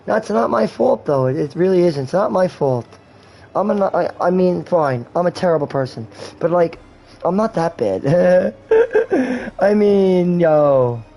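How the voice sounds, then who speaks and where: A man's voice: on the high side, expressive, unhurried, mellow, rough recording. A man in his twenties talking in a rambling, candid way and swearing often, while hosting a gaming livestream. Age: 20s. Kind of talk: rambling casual chat.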